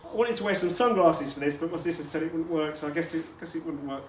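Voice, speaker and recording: A man's voice: on the high side, fast, slight background noise. A man coaching a workout outdoors, chatty and instructive with personal asides. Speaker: fitness coach.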